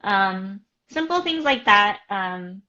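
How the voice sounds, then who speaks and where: Bright-voiced woman co-hosting a live chat. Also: medium pitch, expressive, slow, highs cut off. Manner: chatty, filler-heavy, answers viewer questions. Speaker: co-host. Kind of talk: casual live-stream chat.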